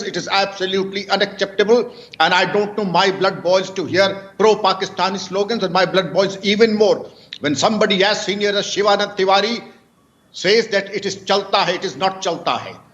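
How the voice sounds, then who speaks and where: A man's voice: high-pitched, a bit bright. Indignant older man on dull remote link. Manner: emphatic, indignant, declarative. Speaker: retired police chief, debate guest. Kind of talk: live TV debate remarks.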